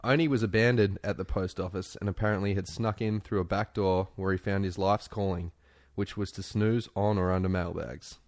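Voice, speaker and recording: A man's voice: deep voice, fairly even intonation, fairly quick, darkish tone. A man co-hosting a podcast in casual, jokey chat. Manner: jokey, laughs often, drops into silly voices. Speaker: podcast co-host.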